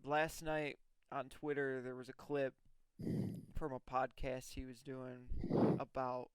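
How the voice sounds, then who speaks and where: A man's voice: medium pitch, level tone, slow, smooth, no room sound. A young man co-hosting a podcast, telling stories in casual chat with lots of fillers. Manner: rambling, filler-heavy storytelling. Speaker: podcast co-host.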